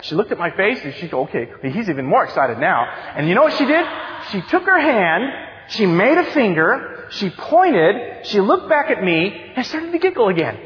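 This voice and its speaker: A man in his thirties preaching a sermon as youth director, telling stories with animated, acted-out voices, heard in a church sanctuary. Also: high voice, normal speed, slight background noise. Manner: animated storytelling, acts out excited voices. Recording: dull sound with long church reverb.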